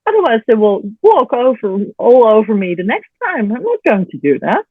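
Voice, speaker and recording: Lively mom on a tinny line. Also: female voice, a little high, normal speed, husky, no room sound. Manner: animated and chatty, laughs often, searches for words. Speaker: program participant sharing her story. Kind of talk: casual interview storytelling. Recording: tinny phone-line audio, dry.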